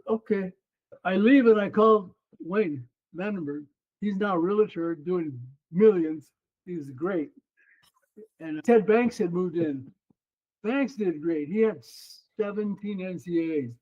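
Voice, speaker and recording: The recording is muffled as a high-voiced man in his seventies shares an interview story. A former runner and coach, he tells it animatedly and does the voices of the other characters.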